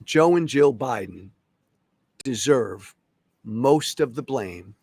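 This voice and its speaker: A man's voice: medium pitch, no echo. A middle-aged man hosting his own podcast, delivering an angry, emphatic solo rant. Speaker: podcast host. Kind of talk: solo opinion monologue.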